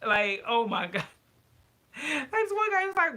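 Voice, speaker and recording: A woman vlogger chatting casually to her viewers, animated and given to ranting. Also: high voice, unhurried. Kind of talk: casual chat to camera.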